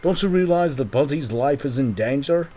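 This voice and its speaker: A man's voice: fairly low pitch, lively intonation, unhurried, warm tone, breathy edge, poor audio. A man voicing a bossy, protective pirate leader in a homemade toy movie. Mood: stern.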